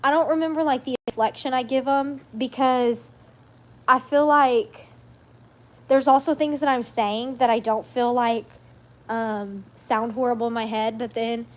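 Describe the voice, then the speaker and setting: A woman hosts a casual live stream. She talks in a high voice and rambles from one thing to the next. She throws in sassy asides.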